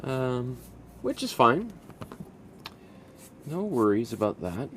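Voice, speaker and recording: A middle-aged man giving a relaxed painting lesson, thinking aloud as he works, rambling with restarts and soft laughs. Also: medium pitch, slow pace, a little hiss or hum. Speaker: art teacher.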